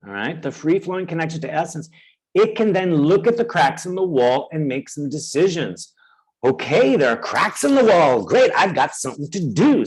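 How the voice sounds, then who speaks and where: Animated man teaching a webinar. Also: breathy edge, low-quality recording. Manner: animated, acts out inner voices with sudden high cries; checks in often with the audience. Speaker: webinar presenter.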